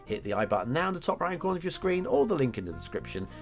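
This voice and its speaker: A man's voice: on the high side, very animated, racing, faint music behind. A man hosting a game map review show, chatting enthusiastically with filler words and self-corrections. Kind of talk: casual game commentary.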